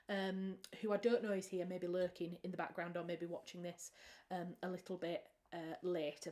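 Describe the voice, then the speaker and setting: A woman's voice: lowish voice, darkish tone. A British woman, a writer hosting a livestream, chatting casually and rambling with frequent restarts.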